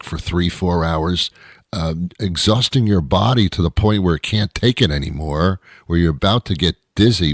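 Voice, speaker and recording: Deep-voiced guy riffing wry and rambly, dramatic pauses, dry sound. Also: dry recording. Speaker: host. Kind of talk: comedic monologue.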